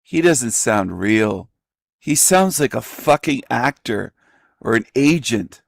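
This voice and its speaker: A man's voice: medium pitch, animated, slow, gravelly, no room sound. Man, host, ranting reaction commentary, scornful, insulting, repetitive, dry sound.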